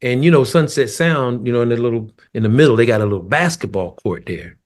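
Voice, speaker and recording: Animated middle-aged male storyteller. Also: medium pitch, quick pace. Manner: animated storyteller, laughs and acts out scenes. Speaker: guest drummer. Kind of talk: casual storytelling chat.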